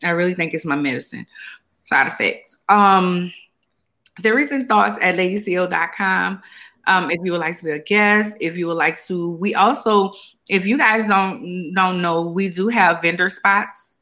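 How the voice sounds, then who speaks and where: A woman's voice: on the low side, unhurried, pushed and bright. Chatty tired-sounding woman host. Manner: chatty, rambling with fillers. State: tired, yawning. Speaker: podcast co-host. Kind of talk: casual chat.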